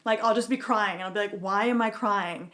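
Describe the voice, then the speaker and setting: A woman's voice: medium pitch, fairly quick, a bit bright. A woman from Quebec, a podcast guest, telling a personal story in a casual, chatty way, full of "like" and acted-out quotes. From Quebec, Canada. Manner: chatty, fills talk with "like" and "type thing"; acts out quotes in her story.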